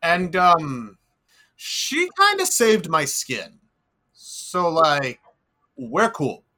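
A man playing a tabletop game, talking in a halting way with lots of fillers. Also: a little high, huge pitch swings, sharp tone. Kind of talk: casual actual-play chat.

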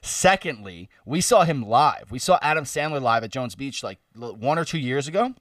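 A man in his twenties co-hosting a podcast, chatting casually with swearing and quick animated asides. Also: mid-range voice, no room sound, clean studio sound, distant mic. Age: 20s. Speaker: podcast co-host. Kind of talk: casual chat.

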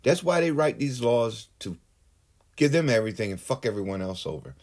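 A man's voice: mid-range voice, sing-song, fairly quick, darkish tone. A man delivering a heated, profane political rant in his own vlog, swearing often and building into outbursts. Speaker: political commentator.

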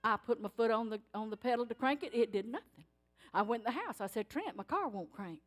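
An older woman giving a sermon in church, telling stories in an animated, emphatic way. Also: on the high side, fast, faint music behind. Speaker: church speaker. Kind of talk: sermon testimony.

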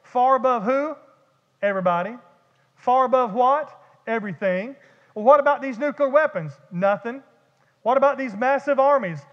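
A pastor preaches in a lively, conversational way, full of vivid humor and repeated words. His voice sits very high and carries a long church echo. The recording is dull and lo-fi. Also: moderate pace. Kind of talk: sermon. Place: church sanctuary. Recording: dull echoey church hall.

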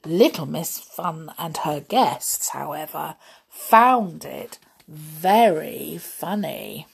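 A woman reading a children's book aloud in an expressive, gently playful way. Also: sits low, drawn-out words, gravelly, slightly rough. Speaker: storyteller.

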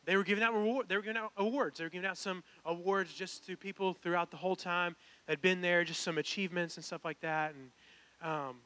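A man's voice: high voice, steady tone, fast talker, pushed and bright. A young man, preaching a personal, earnest sermon that builds to emphatic calls. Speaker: pastor. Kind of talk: sermon with altar call.

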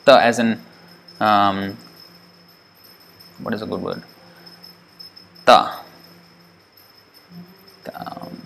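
A man with a mid-range, fairly bright voice teaches Sanskrit sounds in an online lesson built around slides. He is patient, repeating each sound slowly for his students.

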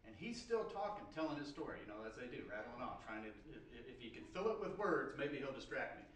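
A middle-aged man preaching a sermon, telling a story in an animated way and laughing often. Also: mid-range voice, fast talker, recorded from a distance. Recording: echoey room, off-mic, faint noise.

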